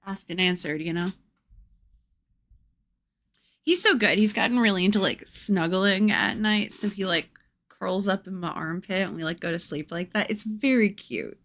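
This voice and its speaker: A woman's voice: mid-range voice, normal speed. A young woman hosting a livestream, chatting playfully and reading a spooky children's book aloud. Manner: chatty, playful, breaks off to coo at her cats. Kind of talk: casual chat and storybook read-aloud.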